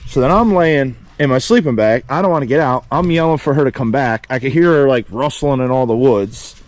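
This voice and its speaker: A volunteer vlogger stands outdoors beside his truck, chatting casually to his camera. His medium-pitched voice moves briskly as he rambles through a story full of fillers.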